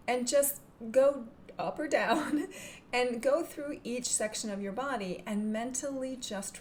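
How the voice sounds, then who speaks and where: A woman teaching hypnotherapy technique in a calm, gentle manner, sometimes dropping into a soft whisper. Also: on the high side, a little hiss or hum. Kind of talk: instructional talk to camera.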